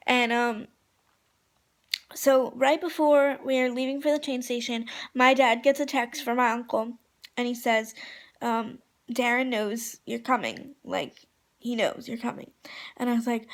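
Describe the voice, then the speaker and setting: A young woman telling a gushing, excitable story in a casual vlog, full of fillers. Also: on the high side, measured pace, pauses often. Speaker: vlogger.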